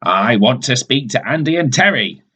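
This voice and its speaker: A man's voice: mid-range voice, lively intonation, normal speed. A man voicing a bossy, impatient storybook man who blusters and grows angry. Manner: blustering, growing louder. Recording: dull lo-fi recording.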